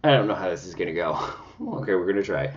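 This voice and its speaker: His low voice swings widely in pitch as he talks at a quick clip, and the audio is dull. At home, this man reviews makeup in a casual vlog, chatty and dramatic, with lots of sassy exclamations.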